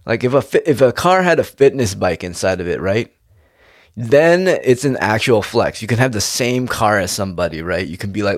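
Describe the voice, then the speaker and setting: A young man rambles through a casual monologue in a lowish voice, laid-back and loose. He tosses "dude" into nearly every thought. The sound is dry and close, with little room around it. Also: animated, moderate pace, no room sound. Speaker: vlogger.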